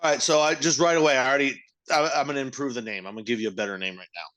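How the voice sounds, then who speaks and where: A man co-hosting a podcast in casual chat, joking and riffing quickly. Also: mid-range voice, a bit bright. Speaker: podcast co-host.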